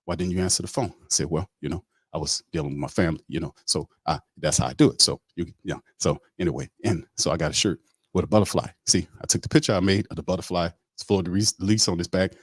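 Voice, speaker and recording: A man's voice: low voice, quick pace, breathy edge, no echo. A man impersonating a rambling, aimless male football coach who trails off into fillers.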